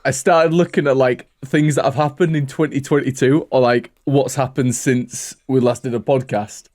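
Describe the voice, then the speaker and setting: A man's voice: mid-range voice, fairly even intonation, moderate pace, a little mellow. A young man co-hosting a podcast, ribbing his friend with dry banter. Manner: dry teasing banter, calls people "dude". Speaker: podcast co-host. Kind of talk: casual chat.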